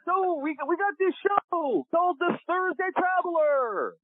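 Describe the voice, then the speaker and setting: A man imitating a middle-aged male TV producer, high and slow, drawing out his words earnestly. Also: expressive, dry recording. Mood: friendly. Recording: dry, tinny phone-like sound.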